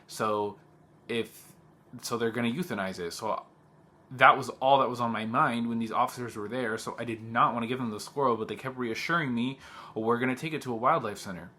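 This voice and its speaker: A man's voice: mid-range voice, fairly quick, sharp tone. Agitated young man telling a story. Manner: agitated, heavy use of "like", quotes others in dialogue. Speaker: teacher telling a personal story. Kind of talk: casual vlog storytelling.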